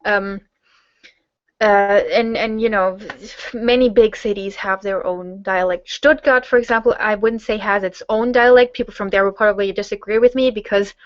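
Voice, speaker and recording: A woman's voice: mid-range voice, lo-fi sound. Chatty German woman with filler-heavy answers. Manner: rambling, many fillers, reads questions aloud then answers. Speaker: German-teaching YouTuber answering viewer questions. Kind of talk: casual live hangout Q&A.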